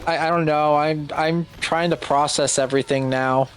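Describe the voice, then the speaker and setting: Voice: medium pitch, fairly even intonation, normal speed, slight background noise. A guest on a game stream talking in a flustered, rambling way in casual chat. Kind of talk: casual let's-play chat.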